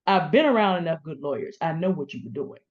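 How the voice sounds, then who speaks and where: A woman's voice: low voice, sing-song, fast. A middle-aged woman giving pointed, confrontational commentary, speaking straight to the people she calls out by name. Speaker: commentary host. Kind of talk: direct-address commentary. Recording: dull lo-fi sound.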